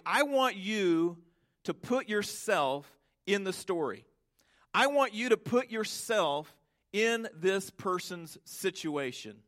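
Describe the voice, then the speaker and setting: Emphatic pastor with a higher voice. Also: male voice, a bit bright. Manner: emphatic, stretches key words slowly, rhetorical questions to the congregation. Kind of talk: sermon.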